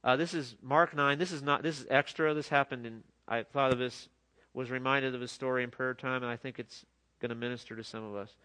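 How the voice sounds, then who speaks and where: A man's voice: medium pitch, fairly even intonation, fairly quick, sharp tone. A middle-aged man preaching a sermon in an earnest, conversational way, often restarting his sentences. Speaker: pastor.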